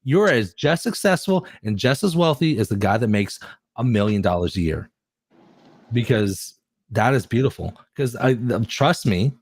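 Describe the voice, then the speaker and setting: A man in his forties, a podcast guest, chatting in an excitable, effusive way and swearing freely. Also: mid-range voice, moderate pace, no room sound. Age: 40s. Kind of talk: casual chat.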